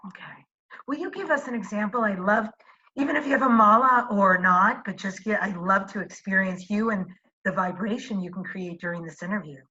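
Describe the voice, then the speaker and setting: A woman's voice: mid-range voice, fairly quick, bright, forceful tone, husky. A woman hosting a podcast interview, encouraging her guest and asking follow-up questions. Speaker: podcast host. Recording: dull lo-fi sound.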